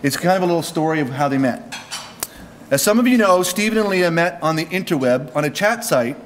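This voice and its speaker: A man's voice: on the high side, lively intonation, brisk, a little hiss or hum. A man from Canada giving a joking wedding speech at a reception, reading prepared lines with humor. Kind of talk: wedding toast.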